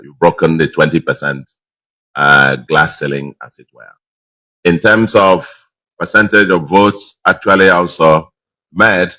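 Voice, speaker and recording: A middle-aged man with a Nigerian accent giving an emphatic, measured victory speech as governor, with frequent fillers. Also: rumbling low, bright, forceful tone, dry recording, rough recording. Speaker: state governor.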